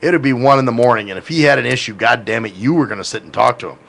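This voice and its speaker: Male podcast host, gravelly, rambling and profane, casual tone. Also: mid-range voice, rapid-fire, a bit bright. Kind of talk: casual chat.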